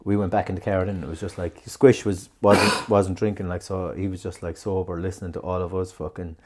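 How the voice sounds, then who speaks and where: A man's voice: sits low, flat delivery, a little fast, darkish tone. A man with an Irish accent, co-hosting a podcast in casual chat, telling rambling stories with plenty of swearing and laughter. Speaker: podcast co-host.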